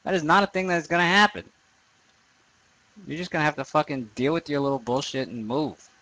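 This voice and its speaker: A man's voice: fairly high pitch, fairly quick, bright, forceful tone, rough recording. A young man giving casual let's play commentary over a game, rambling, swearing often and poking fun at himself. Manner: profane, rambling, self-deprecating. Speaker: gaming commentator.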